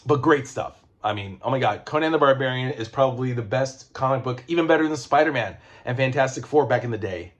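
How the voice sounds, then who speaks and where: A man casually reviewing comic books, rambling and excitable, swearing freely and restarting his sentences. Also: mid-range voice, a little fast, few pauses. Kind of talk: casual chat.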